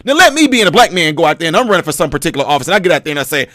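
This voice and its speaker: A man's voice: fairly high pitch, very fast, no room sound, clean studio sound. A man hosting a casual commentary monologue, telling a story and firing rhetorical questions at his audience, sometimes putting on mocking voices. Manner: animated, mocking put-on voices. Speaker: commentary channel host.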